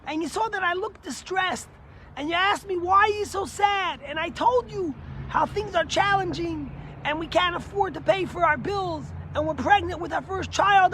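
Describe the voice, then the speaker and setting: Man doing a grateful mother, heartfelt, earnest, high voice. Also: a bit bright, a little hiss or hum. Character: grateful middle-aged mother recounting a kindness.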